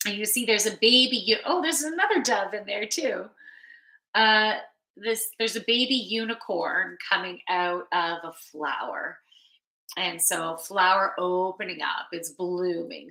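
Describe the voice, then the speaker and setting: A woman giving a relaxed, rambling card reading on a live stream, answering viewers' chat and yawning now and then. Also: medium pitch, echoey room. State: sleepy, yawning. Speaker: spiritual card reader and yoga teacher.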